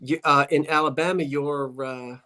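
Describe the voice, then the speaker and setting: A man with a South Jersey accent chats through a home livestream, his voice sitting a touch high. He greets viewers by name, asks curious questions and often restarts his sentences. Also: fairly even intonation, moderate pace, pushed and bright. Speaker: livestream co-host. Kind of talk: casual live-stream chat.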